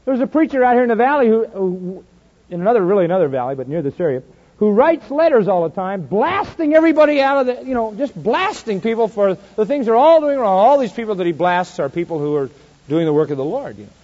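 Male pastor, high voice, animated sermon delivery, hushed asides and loud punches, dull lo-fi tape sound. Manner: animated preaching, swinging between soft asides and loud emphasis; slows right down to stress quoted verses. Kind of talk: expository sermon.

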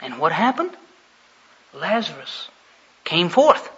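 A man preaching a sermon, with dramatic swings from hushed to loud. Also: a little high, big pitch swings, takes it slowly, slightly rough. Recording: dull lo-fi recording.

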